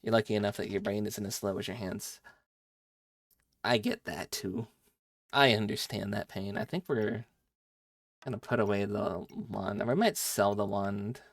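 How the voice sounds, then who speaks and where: A man's voice: fairly low pitch, fairly even intonation, normal speed, long pauses, dry recording, studio quality. A young man streaming a game, chatting playfully with his viewers as he plays, on a headset mic. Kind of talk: casual live game-stream chat with viewers.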